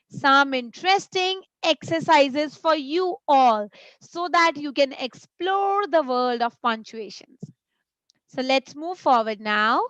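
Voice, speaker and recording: Young Indian-accented woman teacher, high bright voice, slow emphatic delivery, dry close sound. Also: no echo. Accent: Indian English. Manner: slow, emphatic, repeats key words with deliberate pauses. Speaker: online English teacher. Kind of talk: live online grammar class.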